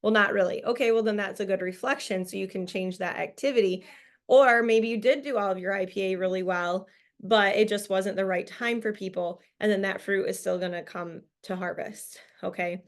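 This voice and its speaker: This woman is the team leader presenting a business training on a video call. Speaking at a moderate pace in a medium-pitched voice, she gives an easygoing, upbeat motivational talk dotted with fillers and laughs.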